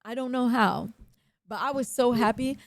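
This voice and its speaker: A young woman, telling a story on a live stream in a casual, animated, profane way and acting out other people's lines. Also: fairly high pitch, normal speed, no echo.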